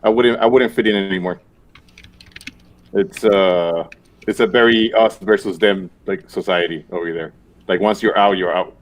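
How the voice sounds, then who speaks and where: Low-voiced Argentine-born man chatting. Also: steady tone, normal speed. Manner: rambling, many "like" fillers. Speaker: guest. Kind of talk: casual chat.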